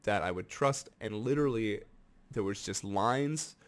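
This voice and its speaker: A young American man in his twenties telling his own story in an earnest, animated way, casual vlog talk. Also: lowish voice, a little slow. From United States. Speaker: vlogger. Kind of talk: candid personal vlog talk.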